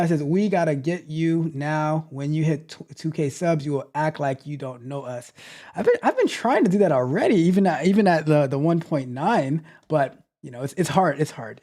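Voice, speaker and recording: A man's voice: a little high, mellow. Man casually teasing his live chat. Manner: playful, teasing, reads chat comments aloud; repeats phrases, loose and chatty. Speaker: tech coach hosting a livestream.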